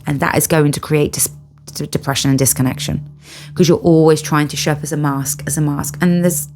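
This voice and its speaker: A middle-aged British woman talking earnestly to camera about spiritual healing, stressing and repeating her key phrases. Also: low-pitched. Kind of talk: casual monologue to camera.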